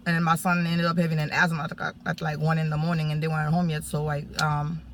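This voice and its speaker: A woman sharing a personal testimony in casual, animated storytelling, full of fillers and acted-out quotes. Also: sits low, fast, a little hiss or hum. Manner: animated, acts out quoted speech, many fillers.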